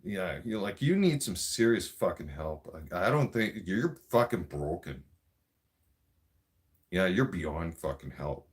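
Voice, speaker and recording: A man's voice: deep voice, sing-song, measured pace. A man in a profane, mocking political rant, cursing and repeating himself. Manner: vaping while talking. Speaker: vlogger.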